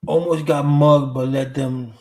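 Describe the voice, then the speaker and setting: Warm in tone and a little high, this middle-aged man's voice moves unhurriedly with fairly even intonation. He hosts a livestream, reading viewer comments and telling loose, casual stories thick with street slang and swearing.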